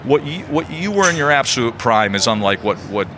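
A middle-aged man chatting as a podcast guest, an emphatic and animated storyteller who piles up his points. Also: medium pitch, fairly quick. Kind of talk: casual chat.

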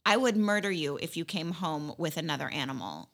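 A woman co-hosting a casual podcast chat, telling lively stories and acting out what others said. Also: low-pitched, fairly quick, vocal fry. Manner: animated storyteller, acts out quotes. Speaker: podcast co-host.

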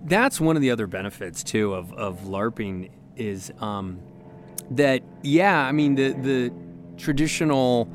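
A man's voice: mid-range voice, animated, unhurried, a little hiss or hum. A man from the United States, a podcast guest, chatting casually and rambling with many restarts and fillers.

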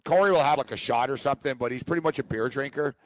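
A man's voice: medium pitch, very fast, dry recording. A man co-hosting a sports talk show, telling a long rambling story and acting out a phone call. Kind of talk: casual chat.

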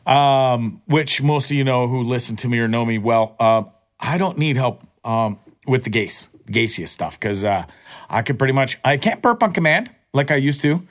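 A man ranting casually to his viewers. He rambles, repeats words and swears often. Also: normal speed. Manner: excitable, jumps up in pitch when worked up. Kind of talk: casual profane rant to camera.

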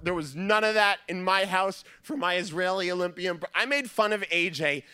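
A man performing a stand-up comedy set, telling family stories in an animated way and acting out their voices. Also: high-pitched, fairly quick, few pauses, smooth, no room sound. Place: theater stage.

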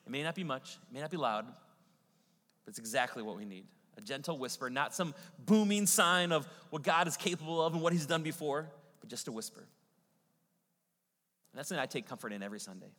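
A male pastor preaching a sermon, swinging between booming Bible reading and hushed, intimate passages. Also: lively intonation, brisk. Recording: long hall reverb.

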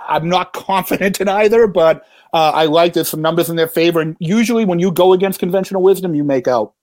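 A man's voice: high-pitched, quick pace, a little mellow, no room sound. Football stats guy calling in to talk radio, emphatic and scornful, dry sound. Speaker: guest football analyst. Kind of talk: talk radio guest chat.

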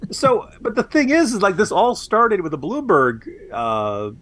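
A man co-hosting a political podcast, with a rather high voice that swings widely up and down. He talks in a casual, animated way, leaning into sarcasm and laughing often. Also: unhurried. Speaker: podcast co-host.

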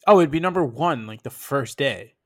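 A man co-hosting a podcast in animated casual chat, often swearing and laughing. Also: mid-range voice, moderate pace. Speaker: podcast co-host.

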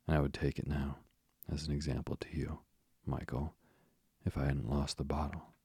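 A man's voice: extremely low pitch, flat delivery, moderate pace, creaky, a little mellow, slightly rough, dry recording, clean studio sound, full character voice. A man voicing a proud, pompous father who blusters and sulks like a child. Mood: blustering. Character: pompous proud father, sulking over medicine.

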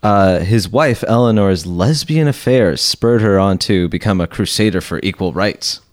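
A man's voice: sits low, animated, moderate pace. A man co-hosting a comedy podcast, reading out news items with dry jokes.

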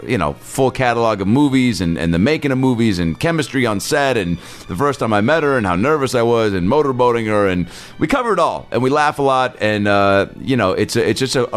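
A man's voice: on the low side, animated, a little fast. A man hosting a podcast, talking loosely and jokily with lots of fillers and the odd swear word. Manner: swears casually, jokey. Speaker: podcast host. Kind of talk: casual podcast intro.

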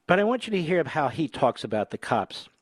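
A man hosting a talk radio show, sarcastic and combative, breaking into loud mocking insults. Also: fairly high pitch, very animated, fairly quick, no room sound.

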